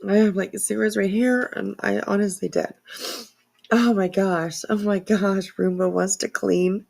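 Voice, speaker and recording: Woman host, casual home livestream, emotional and sniffly, slow husky-fried delivery. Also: mid-range voice, level tone, darkish tone. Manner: emotional, tearful, rambling with many fillers. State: teary, sniffling.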